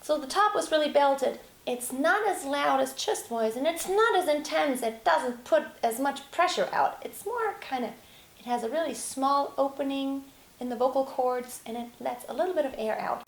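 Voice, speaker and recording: A young woman giving a singing lesson, explaining calmly and then breaking into sung and shouted demonstrations. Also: high-pitched, moderate pace, creaky. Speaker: singing teacher. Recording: roomy echo.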